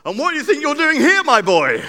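A man preacher voicing a shocked, cross parent scolding a child, sharp and high. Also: huge pitch swings, brisk, exaggerated voice. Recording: long hall reverb.

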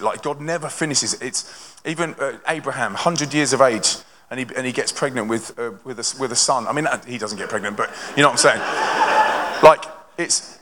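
A young man from a touring Christian band gives a live testimony at a moderate pace in a mid-range voice to a church audience. His manner is energetic and conversational with many restarts, recorded with long hall reverb in a large venue.

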